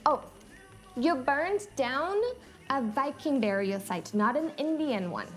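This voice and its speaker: A wry, know-it-all wife from a horror comedy film. She corrects people in a calm, matter-of-fact way. Her voice sits high and bright, over faint music. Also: slow pace. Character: sensible, dry-witted wife in a horror comedy.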